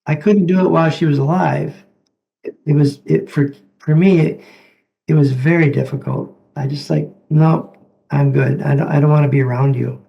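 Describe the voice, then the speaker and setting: A man who is a doctor, speaking as an interview guest, telling stories in a gentle, halting way that repeats words. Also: on the high side, steady tone, creaky, highs cut off. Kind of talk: reflective storytelling in conversation.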